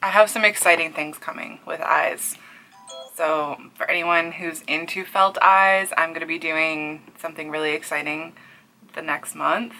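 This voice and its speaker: A young Canadian woman with a Newfoundland accent talks to her viewers from home. Her voice is bright and sits a little low, and she is breathless and overwhelmed, sighing often and sometimes sinking to a near-whisper. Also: steady tone, moderate pace. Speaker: crochet artist and small business owner. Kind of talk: excited casual vlog.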